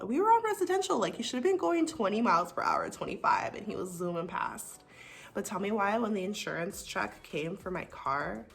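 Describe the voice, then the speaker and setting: A young spiritual vlogger from the United States earnestly tells her viewers personal stories, her chatty speech heavy with "like." Her lowish voice is creaky, and soft music plays behind this casual, heartfelt storytelling.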